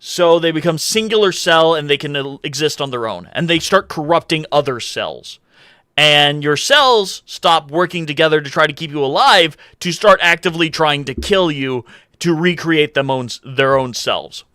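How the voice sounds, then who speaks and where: A man's voice: on the high side, expressive, normal speed, pushed and bright, clean tone, no echo, clean studio sound. A man in his twenties from the United States, rambling casually on a live stream, correcting himself as he goes and reading chat aloud. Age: 20s.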